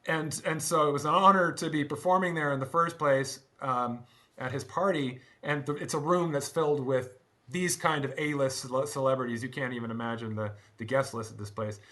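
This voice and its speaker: A middle-aged man speaking as an interview guest, telling stories in a casual, animated way, laughing often and restarting his sentences. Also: medium pitch, a little fast. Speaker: guest, former band drummer. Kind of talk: casual conversational storytelling.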